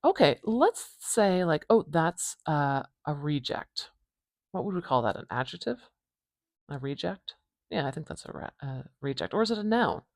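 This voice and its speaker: A pronunciation teacher with a North American accent, giving an informal phonetics lesson, thinking aloud and repeating words slowly and deliberately. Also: mid-range voice, sing-song, gravelly, no room sound.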